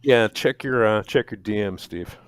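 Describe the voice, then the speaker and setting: A man chatting casually on a podcast, telling animated stories and laughing often. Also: lowish voice, normal speed, smooth. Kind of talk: casual chat.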